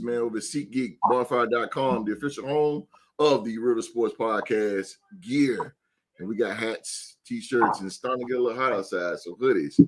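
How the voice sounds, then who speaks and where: A man hosts a sports podcast, reading sponsor plugs and introducing his co-hosts in a booming announcer style. There's slight background noise.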